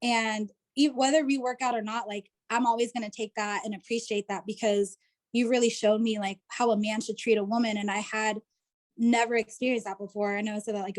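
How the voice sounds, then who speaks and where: Her voice is mid-range, level in tone, at a moderate pace. She's a woman from the United States, an interview guest recounting a personal story over a video call, chatty and loaded with fillers like "like" and "you know."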